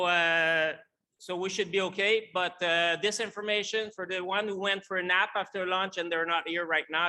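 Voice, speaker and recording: French Canadian man, bright and high. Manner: halting, many fillers and restarts. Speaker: conference speaker. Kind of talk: conference presentation.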